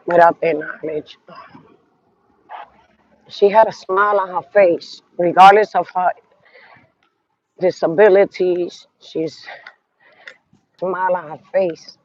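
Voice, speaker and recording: Congested high-voiced man on a phone live. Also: fairly even intonation, slow, long pauses, no room sound, lo-fi sound. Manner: rambling, talks to viewers, trails off. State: congested from sinus trouble. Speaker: live streamer. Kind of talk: casual rambling live stream. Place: outdoors walking a city street.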